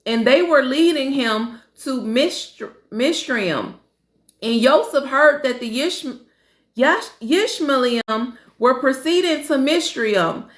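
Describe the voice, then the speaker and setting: Woman, high voice, slow careful reading, echoey room. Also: expressive. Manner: slow reading, stumbling over names, casual asides. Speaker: Bible study reader. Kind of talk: reading scripture aloud with commentary.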